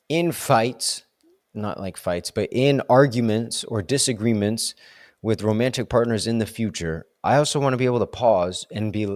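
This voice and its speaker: A man with a mid-range, slightly mellow voice speaks in a clean studio recording with no room sound. In a candid solo vlog he reflects aloud, rambling and questioning himself while leaning on "like" and "right?".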